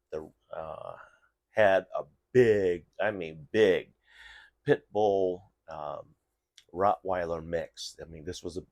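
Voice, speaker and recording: A middle-aged man with a notably deep, low voice tells a story in a loose, casual way. He restarts often and fills his pauses with "uh," sounding unscripted and conversational. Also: vocal fry, no room sound. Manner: rambling, many restarts and fillers. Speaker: vlogger giving dog safety tips.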